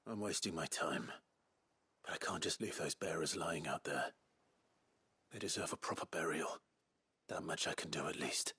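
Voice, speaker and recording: Stern loner hero in a game, gravel-deep and husky. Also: male voice, pushed and bright, heavily acted. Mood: resolute. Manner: grim, firm, measured. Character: stern branded hero, adult man, defiant loner. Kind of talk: video game voice acting.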